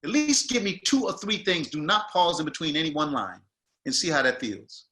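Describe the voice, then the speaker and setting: A man's voice: a little high, animated, moderate pace, pushed and bright. A man coaching actors in a masterclass, talking in a colloquial, emphatic, slangy way. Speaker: acting teacher.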